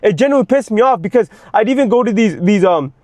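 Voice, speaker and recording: A man's voice: high voice, animated, quick pace, darkish tone, no echo. A young man and fitness coach in an unscripted personal monologue, intense and ranting, swearing heavily and repeating himself as he gets worked up. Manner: repeats words when worked up.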